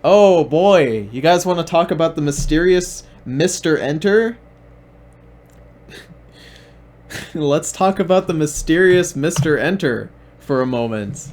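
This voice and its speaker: A man with a fairly high voice hosts a stream, speaking slowly with frequent pauses as he mocks the videos on screen. He's sarcastic and deadpan, repeating himself.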